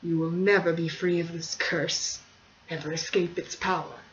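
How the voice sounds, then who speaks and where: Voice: mid-range voice, steady tone, normal speed, a bit bright, natural voice. A reader doing a grim old tyrant count. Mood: menacing. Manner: grim, threatening. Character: menacing old male count, tyrannical father. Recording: dull distant recording, faint hiss.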